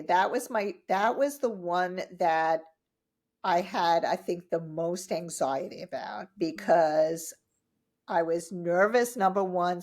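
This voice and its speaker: A woman in her fifties, a guest on a podcast, telling stories in a casual, animated way, laughing often and acting out what people said. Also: fairly low pitch. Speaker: podcast guest, triathlete and coach. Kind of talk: casual interview storytelling.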